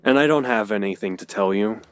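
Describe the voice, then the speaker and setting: A young man telling an emotional personal story, halting and hesitant with many restarts. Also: on the low side, clear, resonant tone, lo-fi sound, faint music behind. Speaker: video creator.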